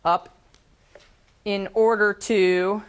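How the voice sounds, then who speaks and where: A woman teaching a school band, giving brisk directions and counting off. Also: mid-range voice, level tone, clear, resonant tone. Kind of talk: classroom instruction.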